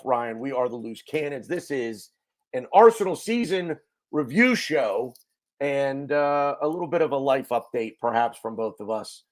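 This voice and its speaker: A man's voice: mid-range voice, animated, measured pace. Guy hosting a fan show on a video call, lots of ums, voice bounces all over. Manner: chatty, jokey, lots of fillers. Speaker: podcast host. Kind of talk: casual fan show chat.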